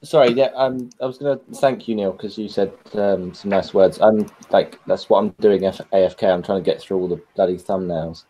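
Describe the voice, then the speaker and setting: A man chatting on a video call, speaking hesitantly with many pauses and ums. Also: low-pitched, mellow, slight background noise, low-quality recording. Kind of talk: casual group chat.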